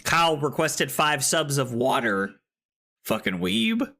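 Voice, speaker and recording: A tipsy man hosting a card game tournament on his livestream, talking loudly and excitably, swearing freely and laughing often. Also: a little high, slow pace, vocal fry, music in the background. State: tipsy from drinking. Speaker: streamer and tournament host. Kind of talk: casual livestream commentary. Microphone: streaming microphone.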